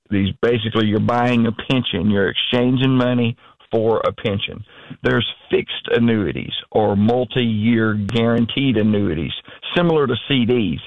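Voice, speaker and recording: A male financial advisor talks listeners through annuities in an affable, steady way, pausing on plenty of ums. His voice sits fairly low and comes through a slightly dull, dry studio line. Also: gravelly, dry recording. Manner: affable, steady explainer with many fillers. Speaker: financial advisor, regular radio guest. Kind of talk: explaining finance on a call-in show.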